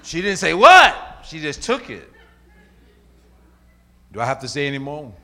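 Male preacher, middle-aged, sermon delivery, voice leaps between shouting and near-whispers, lively pitch. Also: moderate pace. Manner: swings from shouting to hushed, quoting voices.

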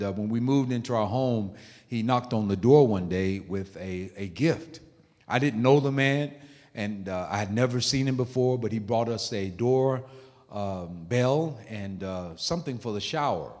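A male pastor preaching a sermon in an emphatic, repetitive style, with asides to the congregation. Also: medium pitch. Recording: echoey hall.

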